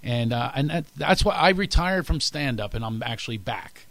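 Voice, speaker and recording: Gravelly animated comedian telling stories. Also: male voice, medium pitch, normal speed, no room sound. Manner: animated storyteller, laughs often. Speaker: comedian guest. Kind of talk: radio interview chat.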